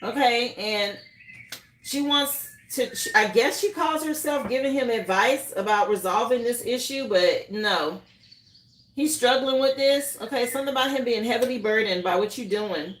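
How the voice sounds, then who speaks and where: High-voiced woman reading tarot live. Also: moderate pace, roomy sound, a little hiss or hum. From grew up in Miami. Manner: casual, says "okay?" often, drawling. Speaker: tarot reader.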